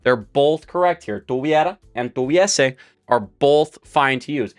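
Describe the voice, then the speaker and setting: A man's voice: medium pitch, expressive, unhurried, clean tone. Man teaching Spanish grammar at a board. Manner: explains step by step while writing on a board. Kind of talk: live-streamed language lesson.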